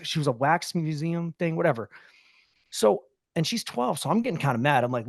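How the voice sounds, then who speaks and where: A man's voice: on the high side, animated, brisk, creaky, dry recording, studio quality. A man co-hosting a podcast, telling a personal story in a candid, conversational way and often saying "dude.". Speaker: podcast co-host. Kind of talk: casual storytelling.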